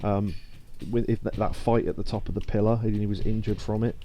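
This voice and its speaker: A man's voice: lowish voice, little pitch movement, a little fast, mellow, slight background noise. A man streaming a video game, chatting casually and explaining trivia with plenty of fillers.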